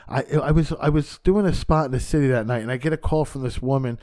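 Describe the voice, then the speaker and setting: Appearing as a podcast guest, a male stand-up comedian tells a casual, profane story at a fast clip. He acts out the dialogue with sudden leaps in pitch and volume, rambling and restarting often.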